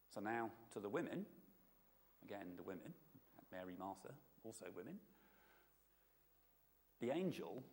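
Gravelly-voiced man preaching in a hall. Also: on the low side, expressive, a little slow, long pauses. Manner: conversational, asks the audience often. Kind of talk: informal sermon.

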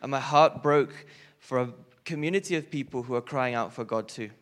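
A man's voice: mid-range voice, moderate pace. A young man giving an earnest personal testimony in a church talk, his voice rising when he stresses a point. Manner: earnest, rises with emotion on key points. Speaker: speaker sharing a testimony.

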